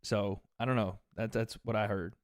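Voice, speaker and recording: This laid-back, foul-mouthed livestream host from Tennessee chats with his audience and reads out donations while sitting on a couch at home instead of his regular setup. He speaks at a normal speed in a lowish voice with fairly even intonation. The audio is dry and studio quality.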